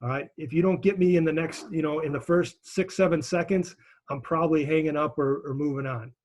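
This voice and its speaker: A man's voice: fairly high pitch, fairly even intonation, brisk, darkish tone. A male instructor coaching students through sales calls on a video call, direct and encouraging, with frequent restarts.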